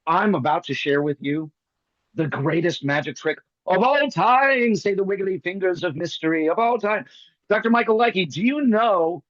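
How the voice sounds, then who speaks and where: High-voiced man riffing comically on a video call. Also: fairly bright tone, no room sound, dull audio. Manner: rapid comic riffing with bits of mimicry. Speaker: guest magician.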